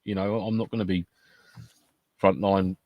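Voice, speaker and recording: A man's voice: low-pitched, level tone, no echo, dull audio. A British man co-hosting a podcast, chatting casually with lots of "you know" and restarts. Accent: British English. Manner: rapid, chatty, full of "you know" and repeats. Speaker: podcast co-host. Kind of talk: casual chat.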